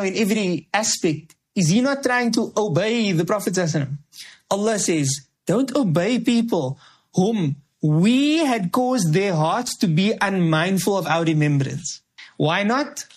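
A man with a notably high voice gives a Quran commentary lesson, reciting each Arabic verse before explaining it word by word. He keeps listeners engaged with rhetorical questions and everyday examples. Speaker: Islamic teacher.

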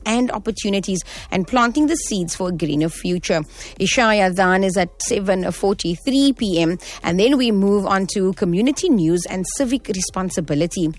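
A woman hosting a community radio show, reading the evening line-up and then chatting with a guest, friendly and quick to laugh. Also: mid-range voice. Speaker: radio presenter. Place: radio studio. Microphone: studio microphone.

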